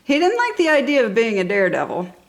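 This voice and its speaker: A woman reading a children's storybook aloud in an enthusiastic, expressive way. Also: on the high side, fast. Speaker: storybook reader.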